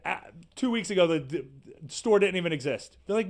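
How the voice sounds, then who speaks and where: High-voiced man ranting with profanity. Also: a little fast. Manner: animated, profane, exasperated ranting; sarcastic, slangy. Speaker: podcast host. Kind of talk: casual ranting monologue.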